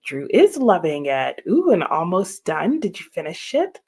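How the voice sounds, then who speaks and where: A woman's voice: on the low side, wildly swooping pitch, a little slow, darkish tone, slightly rough. A woman hosting a live reading sprint stream, chatting casually and answering viewers' comments. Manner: chatty, laughs often, reads viewer comments aloud. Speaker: livestream host.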